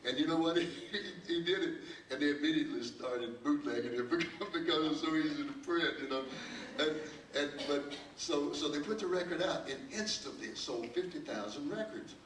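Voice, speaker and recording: A man's voice: fairly high pitch, a little fast, a bit bright, slight background noise. Older man, panel guest, rambling storyteller, echoey hall, distant mic. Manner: rambling, full of restarts, chuckling storyteller. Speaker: panel guest, record producer.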